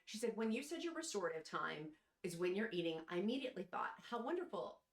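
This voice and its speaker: Wearing her robe at home, a vlogger talks directly to camera, crying and sincere, wandering through her thoughts with plenty of fillers. She talks fast in a very animated, medium-pitched voice, and the recording sounds roomy.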